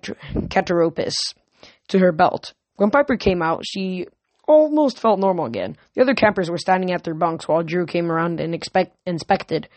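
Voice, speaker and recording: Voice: medium pitch, a little mellow, no room sound. Amateur reader narrating a novel. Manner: amateur reading with frequent slips and restarts. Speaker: audiobook reader. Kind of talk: reading a novel aloud.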